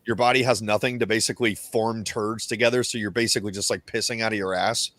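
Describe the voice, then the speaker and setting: A young man hosting a podcast, telling crude stories in profane, animated casual banter on a close mic. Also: lowish voice, fast talker, no room sound. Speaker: podcast host.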